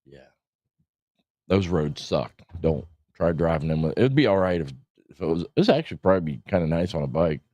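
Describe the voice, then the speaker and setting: Deep, dark-voiced profane man. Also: sing-song, moderate pace, no echo. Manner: rambling, profane, laughs often. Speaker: podcast host. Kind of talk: casual livestream chat. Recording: dull lo-fi stream audio.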